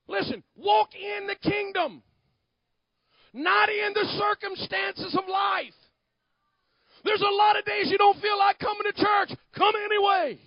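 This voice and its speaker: A male pastor preaching a fiery sermon, swinging between hushed asides and shouted declarations. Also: very high-pitched, fairly even intonation, a little slow, dry recording, dull audio.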